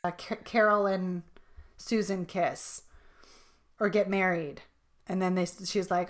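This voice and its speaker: A woman's voice: lowish voice, fairly even intonation, slow pace, pauses often. Chatty woman podcast co-host. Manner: chatty, laughing, reads out trivia questions. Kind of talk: casual chat.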